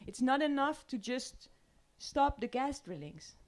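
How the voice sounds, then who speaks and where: A woman's voice: sits high, big pitch swings. Emotional Dutch-accented woman speaking on a panel. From Netherlands. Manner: emotional, earnest, with pauses. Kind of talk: emotional public talk. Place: room with audience.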